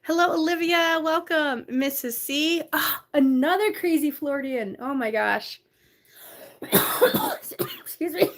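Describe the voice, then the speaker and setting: A woman with a somewhat high voice talks casually on a live stream from her bedroom. She is tired and a little hoarse from a cough, but stays friendly and laughs easily as she greets viewers one by one. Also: a little slow. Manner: chatty, greets viewers by name, laughs often. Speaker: livestream host.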